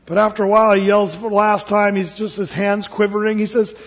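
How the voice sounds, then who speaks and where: Pastor, man, high husky voice, storyteller who acts out the voices, long hall echo on a dull recording. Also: quick pace, few pauses. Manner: animated storytelling, acts out voices, stammers and repeats words. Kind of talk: sermon.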